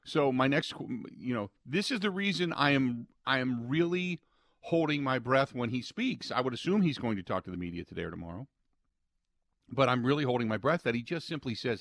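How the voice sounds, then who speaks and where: A man's voice: medium pitch, sing-song, a little fast, fairly bright tone, no echo, clean studio sound. A man hosting a sports talk radio show, ranting emphatically and acting out what players might say. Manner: emphatic, opinionated, quotes imagined players.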